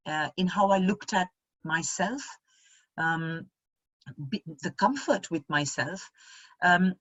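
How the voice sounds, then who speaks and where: Husky animated woman. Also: medium pitch, no echo, highs cut off. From India. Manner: animated, expressive storyteller. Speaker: guest. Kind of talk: casual conversation.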